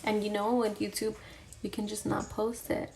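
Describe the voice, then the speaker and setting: A woman's voice: mid-range voice, flat delivery, moderate pace, gravelly, background noise. A young woman chatting casually while she does her makeup on camera, talking herself through each step. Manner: chatty, self-deprecating, talks to herself mid-task. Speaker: beauty vlogger. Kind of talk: casual get-ready-with-me chat while doing makeup.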